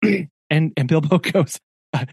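A man's voice: mid-range voice, animated, moderate pace, no room sound, studio quality. A man co-hosting a podcast, discussing a book in a thoughtful, reflective way and reading passages aloud before commenting on them. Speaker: podcast co-host.

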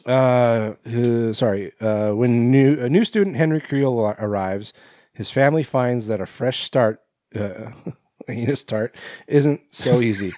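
A man's voice: medium pitch, darkish tone, no echo. A man co-hosting a podcast, reading a news item aloud and stumbling and laughing through it between profane jokes. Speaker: podcast co-host. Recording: dry close mic.

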